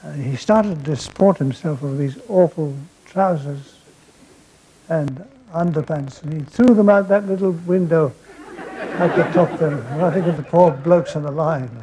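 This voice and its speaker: An older man telling comic stories on stage in a rambling, deadpan way, with an audience laughing. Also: on the high side, measured pace, background noise. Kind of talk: stage storytelling.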